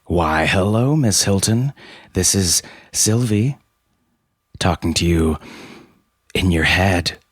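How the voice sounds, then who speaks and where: Deep husky male voice, animated, playful between takes, late-night home recording. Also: slow pace, long pauses, dry recording, clean studio sound. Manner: playful, goofing around. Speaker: voice actor.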